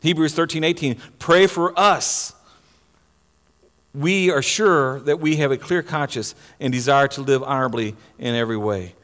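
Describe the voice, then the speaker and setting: A man's voice: mid-range voice, normal speed, a bit bright, in a large hall. A male pastor preaching a sermon in a church, emphatic, often repeating words and restarting phrases. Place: church sanctuary.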